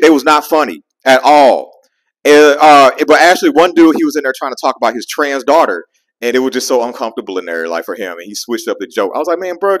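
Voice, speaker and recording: A man telling a profane, animated story on his vlog, full of call-outs and shout-outs, recorded close on a dry mic. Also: fairly high pitch, no room sound, poor audio. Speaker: vlogger and comedian.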